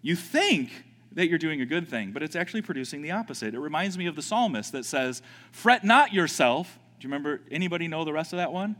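A man preaching a sermon, animated, often repeating words and acting out panicked voices. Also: on the high side, fast talker, hardly any pauses, long reverb tail. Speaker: pastor.

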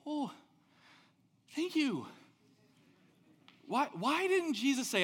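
A man preaching a sermon as pastor, telling stories with big swings between loud and soft. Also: slow pace, long pauses, long reverb tail. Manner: animated storytelling, big swings in pitch and loudness.

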